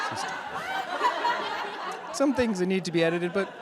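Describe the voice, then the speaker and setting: A man with a high-sitting voice rambles through jokes as host of a public-access comedy show, using lots of fillers, laughing at his own material and checking if it lands. The recording is very noisy.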